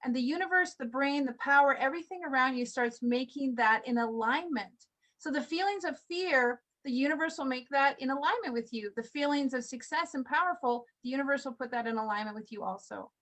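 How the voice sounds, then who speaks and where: Woman, high voice, motivational coach, enthusiastic, video call. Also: fairly quick, fairly bright tone. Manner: enthusiastic, encouraging, rhetorical questions.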